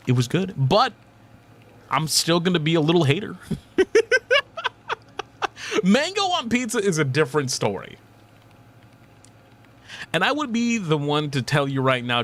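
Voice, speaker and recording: Animated young man chatting on stream. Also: fairly high pitch. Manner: rambling, animated, swears casually, laughs often. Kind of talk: casual chat stream.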